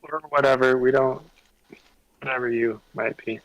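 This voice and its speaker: A man's voice: mid-range voice, fairly even intonation, moderate pace, no room sound, highs cut off. Cursing man co-hosting a livestream. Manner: swears freely, laughs while telling stories. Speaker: livestream co-host. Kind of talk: casual livestream chat.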